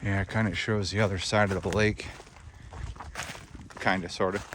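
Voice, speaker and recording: A man's voice: low-pitched, moderate pace, very noisy. A man narrating a casual hiking vlog outdoors on a park trail, chatting to viewers as he walks. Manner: relaxed, chatty, talks to viewers while hiking. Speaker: hiking vlogger.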